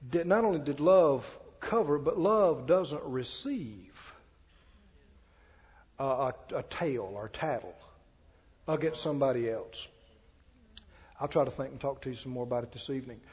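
A man's voice: medium pitch, animated, normal speed, pauses often, a little mellow, breathy edge. A male pastor preaching a sermon in a folksy, conversational way, with chatty asides. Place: church sanctuary. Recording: dull-toned, echoey church hall.

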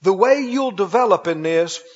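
A male pastor preaches in a high, slightly husky voice, again and again asking his congregation questions and calling for their agreement. His intonation is lively and his pace moderate, though the recording is dull and muffled, with long reverb like a large hall.

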